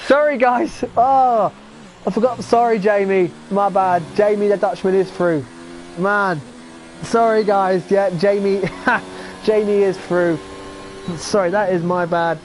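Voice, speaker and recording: An English man commentating live on an online sim racing league, chatty and excitable, often correcting himself. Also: high-pitched, slight background noise. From England. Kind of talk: live esports race commentary.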